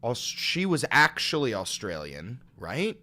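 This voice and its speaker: A man hosting a comedic reaction video, reading aloud and reacting with loud, sarcastic, swearing outbursts. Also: mid-range voice, wildly swooping pitch, a little slow. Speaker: commentary video host.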